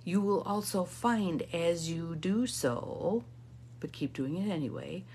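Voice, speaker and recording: A woman's voice: lowish voice, slow, mellow. Emphatic woman coaching, faint hum behind. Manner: emphatic, repeats key phrases, reads viewer comments aloud. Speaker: intuitive guidance coach. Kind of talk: live motivational coaching talk.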